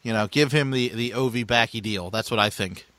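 A man's voice: mid-range voice, a little fast, a bit bright, dry recording. A man hosting a casual sports podcast, introducing segments upbeat and teasing his co-host.

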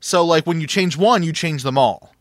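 A man with a slightly high voice tells a rambling story in casual chat, full of "uh" and restarts. He talks fast when it picks up. The sound is dry and close. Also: no room sound. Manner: excitable storyteller, many fillers and restarts. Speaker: podcast co-host.

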